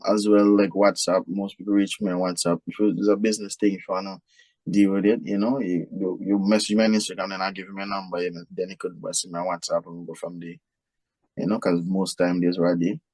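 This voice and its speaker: A man with a Vincentian accent, talking as a guest in an interview. He speaks in a relaxed, easygoing way and keeps dropping "you know" into his sentences. The sound is dry and close, with almost no room echo. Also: low voice, brisk. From St. Vincent and the Grenadines (Union Island). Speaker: guest, music producer. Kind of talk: casual interview talk.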